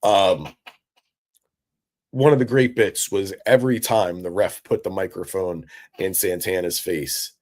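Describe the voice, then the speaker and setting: Low-voiced man hosting a live recap. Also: steady tone, measured pace, darkish tone. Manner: casual, enthusiastic, answers chat, frequent fillers. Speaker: wrestling recap host. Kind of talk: live-stream recap commentary.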